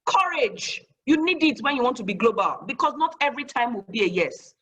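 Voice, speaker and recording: Animated woman telling a story. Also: fairly high pitch, brisk, husky. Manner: animated, acts out dialogue, preacher-like blessings. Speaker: guest speaker. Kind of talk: motivational storytelling talk.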